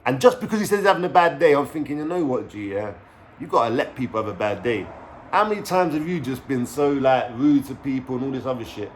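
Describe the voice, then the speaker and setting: A man's voice: medium pitch, expressive, fast, a little hiss or hum. London street-talking man telling a story. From London, England. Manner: street slang, swears a lot, asks "you know what I'm saying?". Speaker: vlogger. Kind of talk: casual storytelling to camera.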